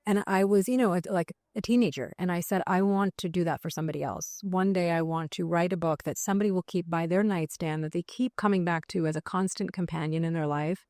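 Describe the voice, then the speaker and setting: A middle-aged woman on a podcast, her voice a little low and recorded close and dry with no room sound. She talks in animated stories, leans on fillers like "like" and "you know", and slips into the voices of the thoughts she quotes. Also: fairly quick, few pauses, no room sound. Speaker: psychiatrist and author, podcast guest. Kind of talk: conversational interview.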